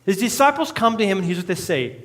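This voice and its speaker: Animated high-voiced male preacher. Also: fast talker. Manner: conversational, animated preaching with jokes and acted quotes. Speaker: pastor. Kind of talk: sermon. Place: church sanctuary.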